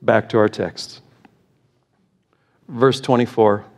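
A man's voice: steady tone, slow. A middle-aged man, a pastor, preaching a sermon in a church and building to an impassioned, pleading climax. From United States. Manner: impassioned, rising to high urgent pleading. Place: church sanctuary.

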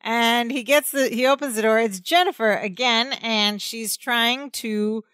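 A woman's voice: on the high side, a little slow, fairly bright tone, no echo, studio quality. A woman co-hosting a podcast, casually retelling a sitcom scene with many "like" fillers. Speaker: podcast co-host. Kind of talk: casual recap chat.

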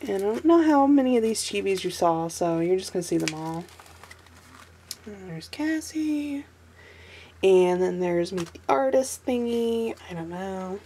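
A young woman, hoarse from allergies and short on sleep, rambling with ums and giggles as she flips through her sketchbook. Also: medium pitch, expressive, measured pace, warm tone, a little hiss or hum. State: stuffy and losing her voice from allergies. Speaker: artist showing her sketchbook. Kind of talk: casual sketchbook flip-through vlog.

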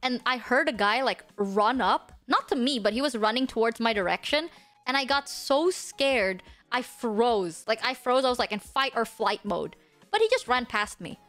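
This woman is a vtuber chatting on a casual livestream, rambling with lots of fillers and laughs and occasionally lowering her voice to a whisper. She speaks at a moderate pace in a fairly high, animated voice, and soft music plays behind her.

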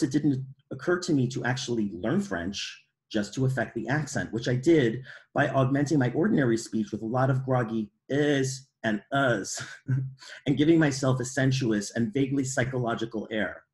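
A middle-aged man from Brooklyn, reading aloud from his own memoir in a measured, wry, precise way. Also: mid-range voice, darkish tone. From Brooklyn, New York.

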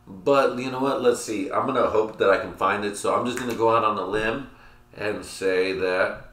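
Male podcast host, lowish bright voice, rambling and profane, roomy echo. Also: moderate pace. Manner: rambling, swears a lot, laughs at his own jokes. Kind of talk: casual profane chat.

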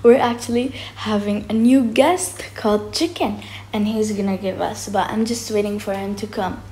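A woman hosting her gaming channel, giving gushing, excitable commentary and squealing often. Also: mid-range voice, moderate pace. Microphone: faulty mic. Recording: noisy faulty home mic.

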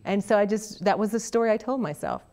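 A middle-aged woman from Oklahoma with a Southern Oklahoma accent, telling stories in a casual interview, animated and chatty with many restarts. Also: mid-range voice, fast. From Oklahoma, USA. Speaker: interview guest, actress.

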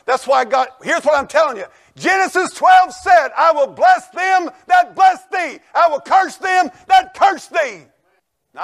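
An older male pastor, preaching a folksy, emphatic sermon that rises to shouts. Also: sits high. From United States.

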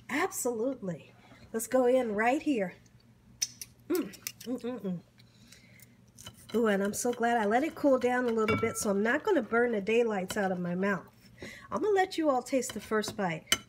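With a slightly high voice and a little hiss or hum on the recording, a middle-aged woman vlogs herself tasting food casually. She relishes every bite, humming, whooping and offering warm, churchy words of gratitude and blessing.

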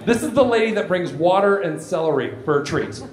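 A man in his forties doing a stand-up comedy routine on stage, loud and animated, often shouting for effect. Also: sits high, fairly quick. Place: comedy stage before a live audience. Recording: echoey live room with crowd.

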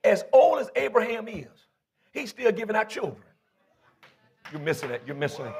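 A man preaching a call-and-response sermon in church, building from low teaching to shouted praise. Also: sing-song, moderate pace, long pauses, slight background noise. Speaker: bishop preaching. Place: church before a congregation.

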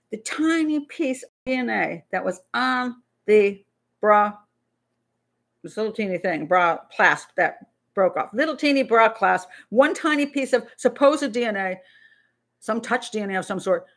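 A middle-aged woman and criminal profiler hosting a live Q&A stream, talking in a blunt, animated way with many restarts. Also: medium pitch, normal speed, vocal fry. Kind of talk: casual live-stream talk.

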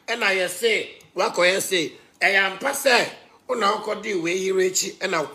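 A man with a high-pitched voice and a Ghanaian Pidgin English accent rants at length. He circles back over the same phrases and swings between loud outbursts and quieter asides. He has the passionate, preachy delivery of a self-styled pastor. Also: normal speed, gravelly. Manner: animated, rambling, repeats phrases, swings loud and soft. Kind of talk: impassioned rant.

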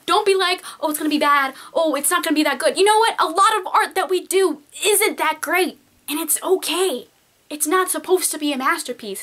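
A woman's voice: high-pitched, pushed and bright. A teenage girl giving casual, peppy, encouraging art advice straight to her viewers. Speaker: art vlogger. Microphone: camcorder mic.

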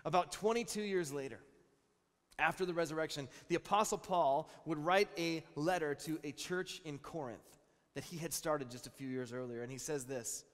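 A pastor in his thirties preaching a sermon, telling stories with animated, repeated phrases. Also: fairly high pitch, moderate pace. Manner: animated storytelling with repeated words. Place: large church hall. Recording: long reverb in a church hall.

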